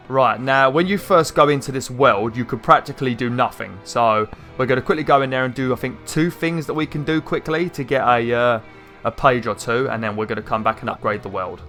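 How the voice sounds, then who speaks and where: A man giving casual gameplay commentary, chatty and rambling, with an irritated throat that he keeps clearing. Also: medium pitch, pushed and bright. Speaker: gaming YouTuber.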